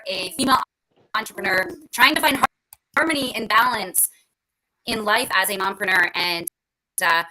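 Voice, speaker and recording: A woman's voice: mid-range voice, bright, forceful tone, low-quality recording. A woman hosting a casual panel talk, upbeat and encouraging, her voice coming through a garbled, robotic-sounding mic. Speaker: host.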